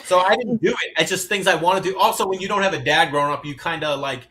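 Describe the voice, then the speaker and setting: Bright-voiced man telling animated stories. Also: high voice, quick pace. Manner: animated storyteller, acts out quotes, swears freely. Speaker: divorced dad telling stories. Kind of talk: casual podcast chat.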